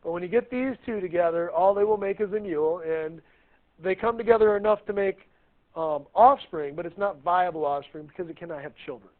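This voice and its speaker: A high school biology teacher with a high voice lectures his class briskly, chatty and joking, often putting questions to the students. The classroom recording is tinny and lo-fi.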